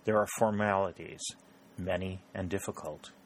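A man reading aloud voices a small, gentle older spinster who speaks in a quiet, even voice. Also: low-pitched, moderate pace, a little hiss or hum, lightly acted. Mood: calm.

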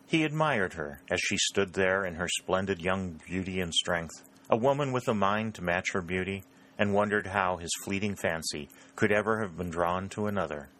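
Deep-voiced man narrating a novel. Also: animated, moderate pace, a bit bright. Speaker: audiobook narrator.

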